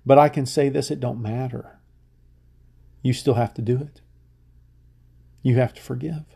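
A man's voice: medium pitch, steady tone, measured pace, creaky, warm tone, husky. A middle-aged man, a pastor, preaching a sermon in an earnest way, often restarting his words.

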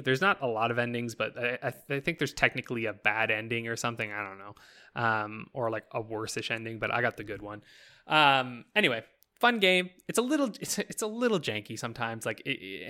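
A young Canadian man talks games in a loose, rambling chat. He swears often and gets worked up, then slips into silly put-on voices. His voice sits at an ordinary middle pitch. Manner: rambling, swearing, animated, breaks into mock voices. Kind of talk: casual chat about video games.

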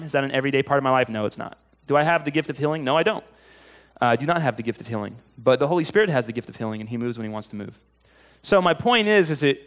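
A man preaching a sermon in a conversational storytelling way, getting animated at exciting moments. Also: medium pitch. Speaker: pastor.

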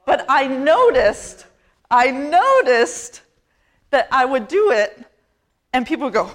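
Chatty woman priest, slightly high voice. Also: sing-song, slow. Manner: chatty, self-deprecating, laughs often. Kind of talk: conversational sermon.

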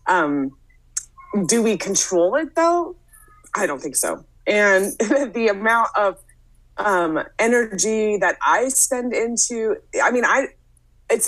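A woman hosting a casual podcast conversation, speaking in a brisk, opinionated way with frequent "um" fillers. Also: fairly low pitch, low-quality recording.

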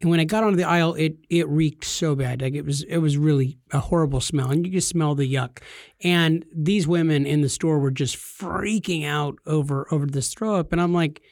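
Podcast co-host, male, fairly high voice, jokey storyteller, dry close mic. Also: moderate pace, darkish tone, no room sound. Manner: jokey storyteller, acts out quoted people. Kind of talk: casual podcast chat.

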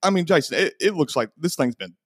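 A man, a podcast guest in his thirties, telling a long story in casual chat and acting out the other people's voices with big jumps in pitch. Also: expressive, fast, fairly bright tone, breathy edge, no room sound.

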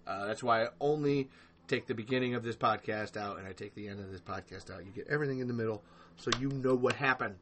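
A man's voice: lowish voice, fast talker, background noise. A man hosting a solo livestream podcast, ranting in a rambling, profane way, full of ums and restarts, and breaking off to answer live chat. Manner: reads and answers live chat mid-rant. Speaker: podcast host.

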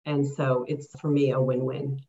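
A woman's voice: rumbling low, level tone, moderate pace, mellow, highs cut off, slight background noise. A woman in her fifties, a life coach and interview guest, speaking earnestly and reflectively. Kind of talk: interview answers.

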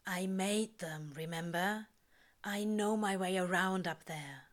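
A woman voicing a laid-back male demon in a low, dry, quietly coaxing voice. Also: slow, close to an everyday voice.

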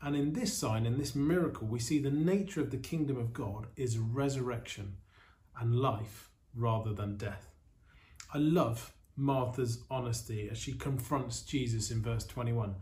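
Earnest male pastor preaching. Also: medium pitch. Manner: earnest, steady preaching with reflective pauses. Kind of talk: sermon. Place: online church service.

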